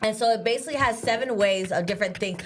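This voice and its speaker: Young female co-host, high-pitched, chatty and animated, casual live-show talk. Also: quick pace, faint music behind. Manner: chatty, animated, lots of "like" and laughing.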